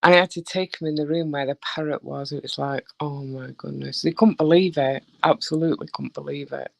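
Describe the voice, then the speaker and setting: A woman chatting as a guest on a live stream, telling animated stories and acting out the voices in them. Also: low voice, fairly quick, vocal fry, dry recording. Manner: animated storyteller who acts out voices. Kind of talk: casual chat.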